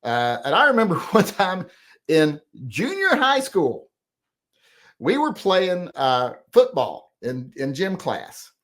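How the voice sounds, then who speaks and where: A man's voice: high voice, huge pitch swings, slow pace, fairly bright tone. A middle-aged man hosting a casual livestream chat, rambling and profane as he reads out comments and grumbles defensively about critics. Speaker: host.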